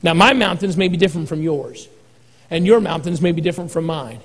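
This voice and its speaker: A man's voice: fairly high pitch, a little fast, husky, in a large hall, rough recording. A male pastor preaching a sermon in a folksy, humorous way, acting out quotes as he goes.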